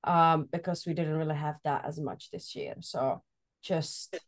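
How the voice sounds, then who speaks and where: A woman's voice: low voice, unhurried. A woman co-hosting a fitness podcast, chatty and teasing, who laughs easily. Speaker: fitness coach and co-host. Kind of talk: casual podcast chat.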